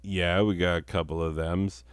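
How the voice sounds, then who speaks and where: A man's voice: sits low, flat delivery, moderate pace, clean tone, no room sound, studio quality, lightly acted. A man voicing skeptical small-town villagers who talk in a blunt, incredulous way.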